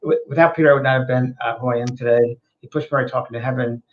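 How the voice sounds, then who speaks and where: A man's voice: medium pitch, steady tone, very fast. A male co-host speaking in an earnest, storytelling way, repeating his points for emphasis in a casual spiritual talk show. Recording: dull, lo-fi sound.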